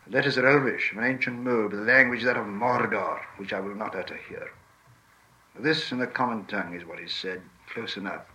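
A man reading aloud as an ancient, grave wizard in a measured, solemn way. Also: on the low side, pushed and bright. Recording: old lo-fi archive recording, distant.

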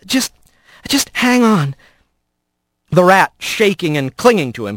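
A man narrating an audiobook in expressive storytelling style. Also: mid-range voice, dry recording, clean studio sound. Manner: expressive storytelling, voices the characters.

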